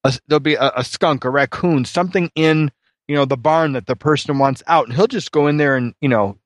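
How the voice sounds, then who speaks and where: A man co-hosting a podcast, telling stories in a halting way with lots of laughs. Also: fairly high pitch, no echo. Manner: halting storytelling, many fillers and restarts, laughs a lot. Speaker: podcast co-host. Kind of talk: casual chat.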